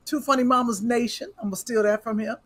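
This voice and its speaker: A woman's voice: on the high side, steady tone, fast. A woman hosting a podcast, chatting casually, telling stories animatedly and teasing her co-hosts. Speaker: podcast host. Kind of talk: casual chat.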